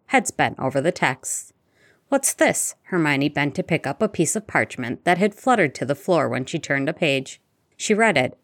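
A woman narrating a fan fiction audiobook in a steady storytelling manner. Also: low-pitched, no room sound, clean studio sound.

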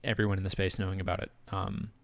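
A man's voice: sits low, flat delivery, fast talker, creaky, no echo. A man hosting a podcast in casual chat, retelling a story with frequent laughs and fillers. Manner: chatty, laughs often, many fillers. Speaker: podcast host.

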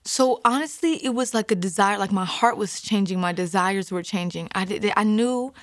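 A woman's voice: mid-range voice, normal speed, dry recording. A young woman recounts her faith testimony in a heartfelt, meandering way, scattering "like" through her sentences. She slips into a whisper whenever she quotes what she was thinking. Her mid-range voice sounds close and dry, with no room around it. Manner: earnest, rambling, heavy use of "like" fillers; drops to a whisper when quoting her own thoughts. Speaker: guest giving a faith testimony. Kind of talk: emotional personal testimony.

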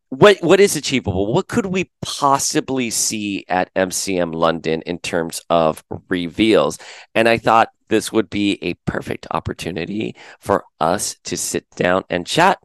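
A man hosting a fan podcast, chatting casually to viewers in an animated way and often restarting his words. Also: fairly low pitch, smooth, no room sound. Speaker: podcast host. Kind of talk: casual chat to camera.

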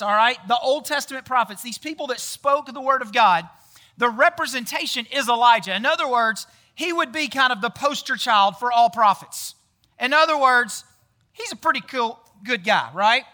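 A man gives an informal sermon in a very high-pitched, bright and forceful voice. As a pastor with a chatty manner, he often quizzes the audience and tags his sentences with "right?"

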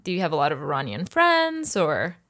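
A woman's voice: sits low, wildly swooping pitch, a little fast, a bit bright. A woman hosting an interview, asking questions in a friendly way and answering briefly with agreement. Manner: friendly, laughs along, short affirmations. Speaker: interviewer, host. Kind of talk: casual interview conversation.

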